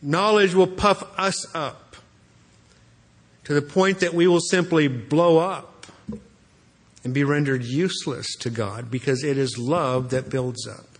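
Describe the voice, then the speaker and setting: A man's voice: fairly high pitch, a little slow. A man preaching an expository sermon as a pastor, earnest and repeating words as he restarts. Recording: long hall reverb.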